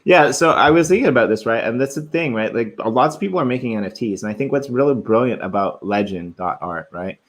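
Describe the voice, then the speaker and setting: A man's voice: medium pitch, expressive, brisk, few pauses. A young adult man co-hosting a casual show, telling stories in an upbeat, chatty way. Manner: eager storyteller, upbeat and chatty. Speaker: co-host. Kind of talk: casual podcast chat.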